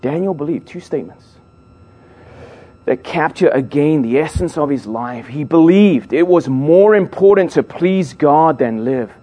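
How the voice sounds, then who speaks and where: A man's voice: a little high, expressive, a little slow, mellow. Emphatic, playful middle-aged preacher man. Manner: playful, jokes with the audience, emphatic build-ups. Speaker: speaker at a youth gathering. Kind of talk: sermon to young people.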